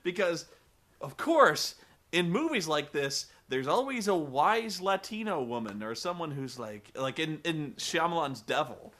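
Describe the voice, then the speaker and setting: A man's voice: a little high, animated, measured pace, bright, forceful tone. A man giving a comedic film review in a rambling, profane way, full of fillers.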